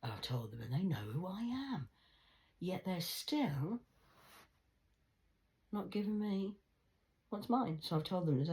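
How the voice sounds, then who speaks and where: A woman with a low voice talks straight to her viewers in a rambling vlog. She swears freely and keeps throwing out rhetorical questions. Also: animated, a little slow, warm tone. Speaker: vlogger.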